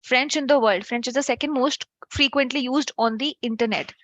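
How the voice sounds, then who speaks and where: A woman's voice: high-pitched, moderate pace, a bit bright, no room sound. Woman teaching French online. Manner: chatty, checks in with the class. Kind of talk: online class lecture.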